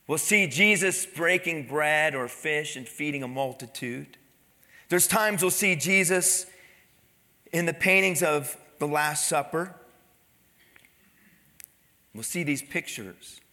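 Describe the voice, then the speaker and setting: Bright high-voiced preaching man. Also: lively intonation, slow, pauses often, long reverb tail. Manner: dramatic preaching, acting out crowd voices. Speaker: pastor. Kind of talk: sermon.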